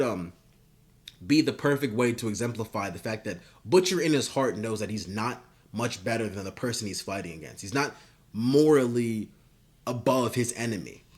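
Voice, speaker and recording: Man, casual rambling pitch, swears, filler-heavy, mid-range voice. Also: lively intonation, normal speed. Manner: rambling and profane, with many fillers. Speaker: video creator. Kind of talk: casual spoken pitch of a story.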